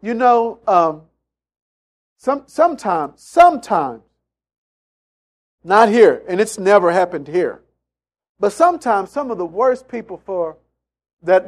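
A man's voice: sits high, a little mellow. A man preaching a sermon, emphatic and repetitive, acting out the voices of people in his stories. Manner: emphatic, repeats phrases, acts out quotes in story.

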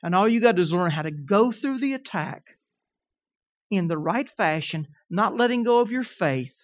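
A middle-aged man preaching a sermon, telling humorous stories with lively rising emphasis. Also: sits high, normal speed, dry recording, muffled recording.

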